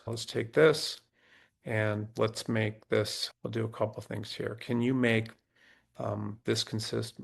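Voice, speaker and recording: A middle-aged man hosts a resume review webinar, with a low voice full of gravelly fry. He thinks aloud as he works on screen, breaking off and restarting his sentences. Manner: halting, restarts while typing prompts on screen. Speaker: legal recruiter hosting a resume workshop.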